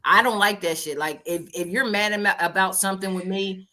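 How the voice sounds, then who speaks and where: A woman's voice: medium pitch, a little fast, bright, forceful tone. A woman co-hosting a casual podcast chat, earnest and giving advice. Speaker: podcast co-host.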